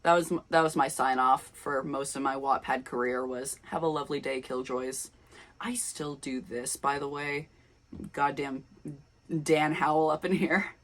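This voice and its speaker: Low-voiced woman reading with wry asides. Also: fairly even intonation, a little slow, a bit bright. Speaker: youtuber. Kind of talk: reading aloud with commentary.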